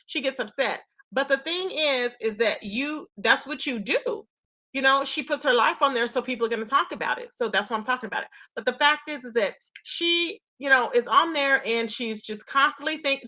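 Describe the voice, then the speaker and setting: Woman, casual gossip commentary, high pitch, laughs a lot, keeps saying child. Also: pushed and bright, dull audio. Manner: chatty, laughs often, repeats "child". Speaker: commentary channel host.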